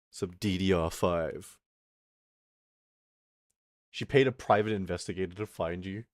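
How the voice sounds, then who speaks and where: A man's voice: lowish voice, a little mellow, no echo, studio quality. A man streaming and chatting with his audience, telling a story in a casual rant. He swears freely and reads out his chat as he goes.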